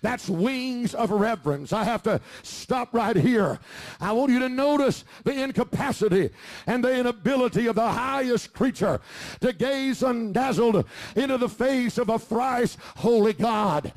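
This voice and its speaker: A middle-aged man preaching a fervent sermon, often rising to shouts. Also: very high-pitched, lively intonation, a little slow. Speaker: pastor.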